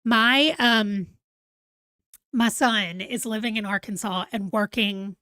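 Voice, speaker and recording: A woman's voice: medium pitch, takes it slowly, pushed and bright, no room sound, studio quality. A middle-aged woman with a Southern US accent, chatting casually as she hosts a livestream and laughs at herself. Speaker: livestream host.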